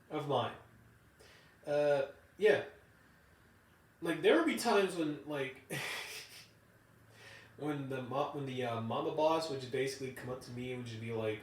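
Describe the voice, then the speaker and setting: A man's voice: mid-range voice, animated, a little slow, long pauses. A young man ranting casually as a vlogger in a rambling, profane, loose way. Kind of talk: casual rant to camera. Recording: roomy, distant from the mic.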